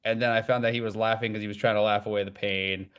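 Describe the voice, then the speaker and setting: A man's voice: on the low side, little pitch movement, quick pace, fairly bright tone, clean tone. A man co-hosting a podcast, telling a rambling story in casual chat with many restarts. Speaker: podcast co-host.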